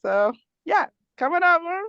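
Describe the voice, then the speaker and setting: A woman's voice: extremely high pitch, very animated, no room sound. Breathless woman on a lo-fi video call. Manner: laughs often, halting with many fillers. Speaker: nonprofit co-founder giving a remote update. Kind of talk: casual talk over a video call. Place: outdoors in the mountains. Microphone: phone on a video call. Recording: dull lo-fi video call audio.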